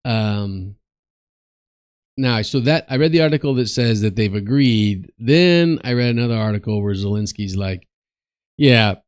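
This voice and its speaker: A man's voice: on the low side, expressive, normal speed, darkish tone, dry recording, clean studio sound. A man giving casual, rambling commentary while playing a game, swearing offhandedly. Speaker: gaming streamer and commentator.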